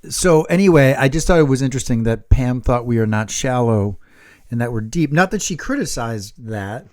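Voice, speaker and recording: A man's voice: mid-range voice, expressive, moderate pace, a little mellow. A man, co-hosting a casual chat podcast and teasing his partner in a playful way. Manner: playful, teasing, breaks into silly voices and laughs. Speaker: podcast co-host.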